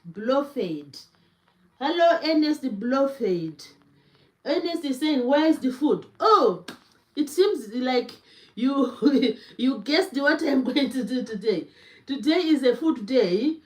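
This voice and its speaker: A woman with a slightly high voice talks slowly and easily to her live chat. She greets viewers one by one. The sound is roomy and echoing. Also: lively intonation, darkish tone. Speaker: cooking livestream host. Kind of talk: casual livestream chat. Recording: echoey room.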